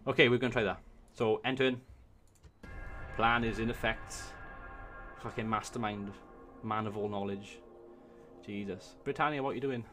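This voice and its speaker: A young man in his twenties, with a low voice, commentates his own gameplay in a loose, excitable way. He swears freely and mutters to himself between moves, with faint game music underneath. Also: normal speed. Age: 20s. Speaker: let's play host.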